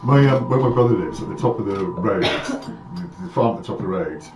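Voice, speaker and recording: A man with a low voice tells a casual anecdote at a game table, stopping and restarting as he goes. His voice sits far from the mic in an echoey room, with light music behind it. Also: expressive, brisk. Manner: anecdotal, hesitant. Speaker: player. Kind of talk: casual storytelling. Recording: roomy distant mic with music.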